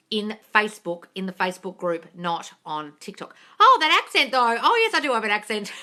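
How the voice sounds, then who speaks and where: A woman with a bright, forward voice hosts a casual live stream from her phone. She chats loosely, greets viewers warmly by name and swears without a second thought. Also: medium pitch. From England. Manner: chatty, swears freely, greets viewers excitedly. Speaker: manifesting coach.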